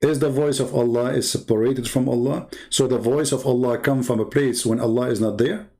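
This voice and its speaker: Mellow-voiced Arabic-accented man, mocking debater. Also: mid-range voice, fairly even intonation, fairly quick. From Arab world. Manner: mocking, rhetorical questioning. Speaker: debate channel host. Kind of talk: live online religious debate.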